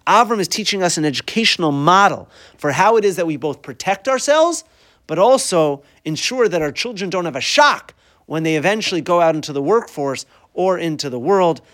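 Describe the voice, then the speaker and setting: A man's voice: high voice, lively intonation, a little fast, fairly bright tone. A middle-aged man teaching a weekly Torah class in a conversational way, asking rhetorical questions and mixing in Hebrew and Yiddish terms.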